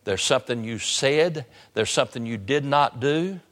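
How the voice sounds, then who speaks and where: A male pastor preaching a sermon in a church, repeating phrases and slowing down hard for emphasis. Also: medium pitch, expressive, a bit bright. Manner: preaching with repetition and sudden slow emphasis. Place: church sanctuary. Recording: long hall reverb.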